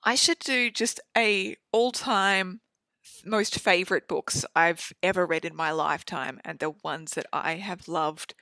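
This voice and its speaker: A woman's voice: lowish voice, measured pace, sharp tone, no echo. A woman, hosting a casual solo podcast, chatty and swearing freely with lots of fillers. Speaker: podcast host. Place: home studio.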